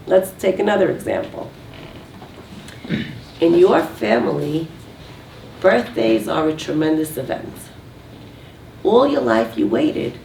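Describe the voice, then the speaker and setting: A woman with a low, gravelly voice lectures to a live audience and keeps asking rhetorical questions. She is picked up from a distance in an echoey room, with a faint hiss underneath. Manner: lively, asks rhetorical questions. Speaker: speaker giving a talk on relationships. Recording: roomy, distant mic, faint noise.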